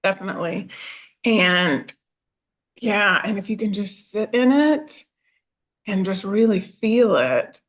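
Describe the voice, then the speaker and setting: A woman's voice: medium pitch, lively intonation, slow pace, long pauses. A woman hosting an interview as a coach, asking reflective, thoughtful questions. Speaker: host, life coach. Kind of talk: interview conversation.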